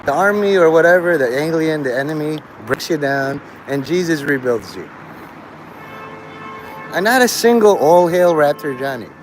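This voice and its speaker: A man's voice: fairly high pitch, sing-song, moderate pace, soft background music, poor audio. A man hosting a livestream, talking to his chat in a crude, rambling way and laughing at his own jokes. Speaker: livestream host.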